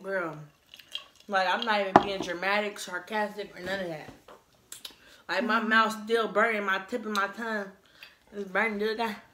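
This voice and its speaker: A woman's voice: mid-range voice, flat delivery, normal speed, pauses often, a bit bright, a little hiss or hum. A young woman co-hosting a casual eating-challenge vlog, teasing her friend with laid-back banter. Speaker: vlogger. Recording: echoey room with dish clatter.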